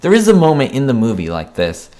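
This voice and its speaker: A man talking through his opinion of a film in a casual, heartfelt review. His voice sits at an ordinary middle pitch, and he keeps circling back on words as he argues his point. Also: huge pitch swings, fast, a little mellow. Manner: passionate, repeats words and asks "right?".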